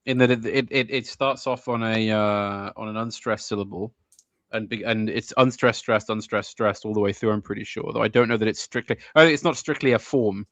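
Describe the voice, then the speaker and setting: A man talking on a video-call stream in a casual chat, excitable, with many hesitant restarts. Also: on the low side, fairly quick, dry recording. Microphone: desk mic on a video call.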